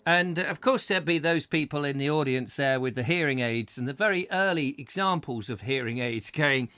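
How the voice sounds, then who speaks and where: A man's voice: mid-range voice, a little fast, pushed and bright, dry recording. A middle-aged man, hosting a comedy chat show and spinning whimsical, rambling tangents full of fillers. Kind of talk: comic rambling monologue.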